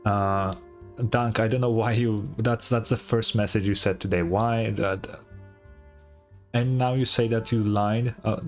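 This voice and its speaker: A man from Europe streaming a game, rambling casually and repeating himself as he answers chat. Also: medium pitch. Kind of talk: casual live-stream commentary.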